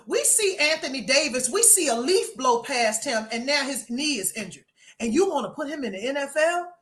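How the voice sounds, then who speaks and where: A woman co-hosting a sports podcast, talking in an animated, emphatic, mocking way. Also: high voice, normal speed. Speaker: podcast co-host. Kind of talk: casual sports chat.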